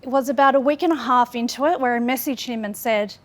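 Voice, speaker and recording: A woman's voice: fairly high pitch, quick pace. A woman in her thirties from Australia gives an earnest, candid speech about her own life, building on repeated phrases. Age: 30s. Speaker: public speaker. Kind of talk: personal storytelling speech.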